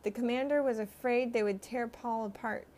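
A woman giving a measured, earnest scripted Bible reading. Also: on the high side, steady tone, darkish tone. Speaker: scripture reader.

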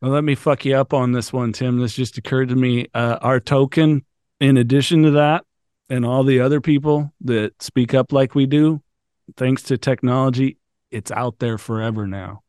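A man's voice: medium pitch, fairly even intonation, normal speed, darkish tone, smooth, dry recording, studio quality. A man hosting a casual conversation, encouraging and blunt, swearing freely.

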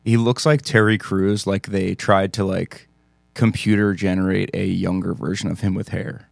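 Gravelly low-voiced man riffing. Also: moderate pace, no echo. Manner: profane, joking, animated riffing. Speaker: podcast co-host. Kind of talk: casual chat.

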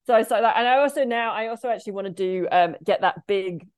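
Speaking fast and smoothly in a mid-range voice, this woman from Great Britain is in her forties. She's a guest on a video call, chatting in a loose, rambling way with sentences that drift.

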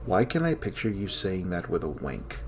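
A snarky, lonely scholar. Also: male voice, low voice, sing-song, normal speed, a little hiss or hum. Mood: irritated. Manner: dry, irritable, snarky. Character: weary male archive scholar, sarcastic and lonely. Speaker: archive scholar. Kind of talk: audio drama acting.

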